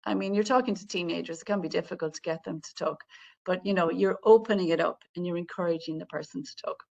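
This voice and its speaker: The audio is dull as a woman with a lowish, creaky, darkish voice presents quickly in an online training on healthcare communication. Over the video call, she speaks to participants directly in a friendly, explanatory way.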